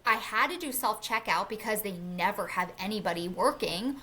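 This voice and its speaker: A woman's voice: medium pitch, expressive, normal speed, sharp tone. A woman in her thirties co-hosting a podcast, telling a story in a casual chat, acting out the people in it and swearing freely. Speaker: podcast co-host.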